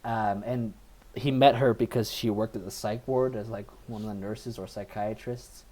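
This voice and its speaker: Speaking at a moderate pace in a steady, mellow voice on the low side, a man co-hosts a podcast. During the casual movie review talk, he gives a rambling plot recap thick with filler words.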